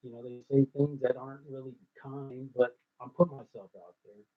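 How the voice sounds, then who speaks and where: A man with a husky, slightly rough voice thinks out loud as he works out rhymes off the cuff. He tries lines aloud, then drops to a near-mutter. The sound is thin and tinny, like a phone line. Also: medium pitch, flat delivery, normal speed. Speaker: host working out rhymes. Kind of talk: ad-libbed musing monologue.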